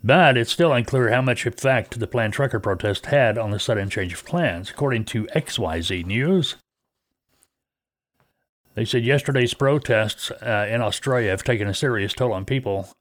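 Male podcast host, folksy rambling delivery, mid-pitched, dry close sound. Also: normal speed, no echo. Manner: rambling, folksy, many fillers and restarts. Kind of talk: casual podcast talk.

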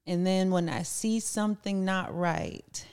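Soft-spoken hesitant woman guest. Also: on the low side, a little slow, creaky, smooth. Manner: hesitant, many fillers and restarts. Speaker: podcast guest. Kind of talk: casual chat.

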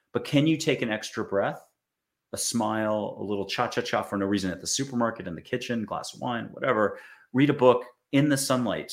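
A man from the United States giving a casual spiritual talk to an audience, chatty and acting out little quoted voices. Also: mid-range voice. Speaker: spiritual speaker.

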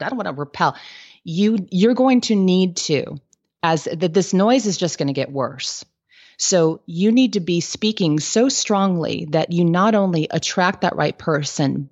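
A woman guest giving candid business advice in a podcast interview, telling lively stories with lots of "like" and "um". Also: on the low side, dull audio. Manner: candid, lively storytelling with frequent "like" and "um".

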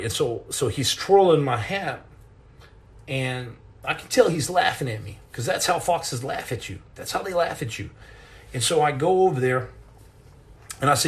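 A man, a former Navy SEAL, hosting a live stream and telling comic stories in an animated, self-mocking way. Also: medium pitch, a little slow.

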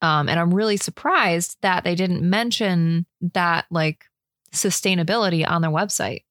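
A woman's voice: lowish voice, moderate pace, a bit bright, no room sound, clean studio sound. A woman co-hosting a beer-tasting podcast in casual chat, laughing easily and restarting her sentences. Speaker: podcast co-host.

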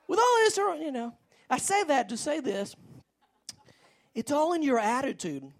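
A woman's voice: sits high, sing-song, a little slow. A woman preaching a sermon, telling a story in a rambling way with frequent restarts.

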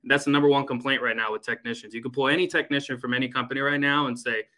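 Racing through his words, an HVAC business owner chats on a laid-back podcast from his office, blunt, energetic and freely profane. His medium-pitched voice is bright and forceful with fairly even intonation, captured on a rough recording.

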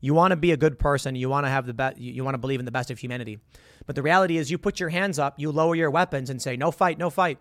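In a casual monologue, a male commentator earnestly guides the listener through a hypothetical, peppering it with rhetorical questions. His voice is mid-range and racing, and the studio sound is clean with no echo.

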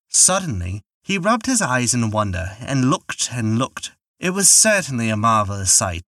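A man narrates a folk tale in measured, expressive storytelling. His voice moves freely up and down and sounds bright. The recording is close and dry. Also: mid-range voice, dry recording. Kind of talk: scripted narration.

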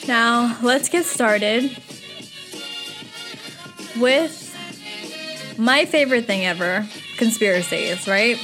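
An excitable young woman chats straight to her viewers in a loose, casual vlog. She talks at an average pitch, fills her speech with "like", and swears freely. Faint music sits quietly under her voice. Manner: excitable, chatty, heavy use of "like" and swearing. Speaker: vlogger. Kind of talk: casual chat to camera.

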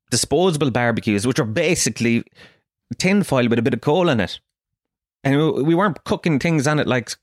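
A man from Tralee with a Kerry Irish accent, ranting through a sweary comic monologue with sudden jumps up in pitch. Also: no room sound, studio quality. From Ireland, Tralee. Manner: swears a lot, animated rants with bursts of high pitch. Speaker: comedian. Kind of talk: stand-up style comic monologue.

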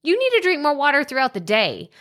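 A woman talks straight to her listeners in a solo podcast. Her voice sits a little high, and she is chatty and upbeat, laughing often and scattering "like" through her sentences. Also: huge pitch swings, fast, fairly bright tone. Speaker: podcast host.

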